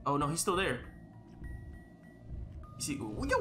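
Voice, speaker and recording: A man giving panicky, exclaiming commentary as he plays a horror game, often yelling at the screen. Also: a little high, huge pitch swings, slow pace. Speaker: gaming video creator. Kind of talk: live gameplay commentary. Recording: roomy echo with loud game music behind. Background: game music.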